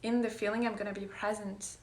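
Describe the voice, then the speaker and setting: A woman's voice: medium pitch, flat delivery, brisk, a little mellow, roomy sound. A woman coach talking earnestly in a casual heartfelt monologue, pressing her points and sometimes sinking to a whisper. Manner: earnest, emphatic, drops to whispers. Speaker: wellness coach.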